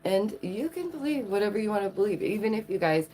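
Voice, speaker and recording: A woman vlogger giving sarcastic, animated commentary and laughing often. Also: mid-range voice, fast talker. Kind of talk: casual opinion commentary.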